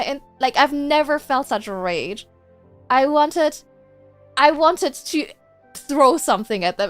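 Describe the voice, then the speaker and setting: Woman streamer, casual gaming chat, high voice, exasperated storytelling, faint music behind. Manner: animated, exasperated storytelling with swearing.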